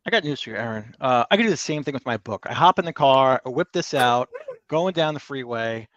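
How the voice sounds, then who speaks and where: A man's voice: medium pitch, animated, brisk, a bit bright, dry recording. Man, casual livestream co-host, chatty and joking, dry dull lo-fi sound. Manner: chatty, joking, reads viewer comments aloud.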